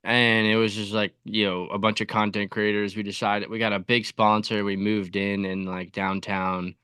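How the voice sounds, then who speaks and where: A man's voice: on the low side, little pitch movement, normal speed, bright, forceful tone, smooth, no echo, clean studio sound. A man guesting on a podcast, telling his story in an easygoing way with lots of likes and you-knows. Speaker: podcast guest, content creator. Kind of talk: casual interview.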